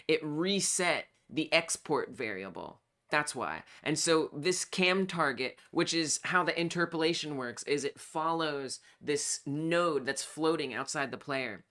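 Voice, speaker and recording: A game developer on a live coding stream, thinking aloud while debugging, excitable and self-talking. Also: medium pitch, measured pace, few pauses.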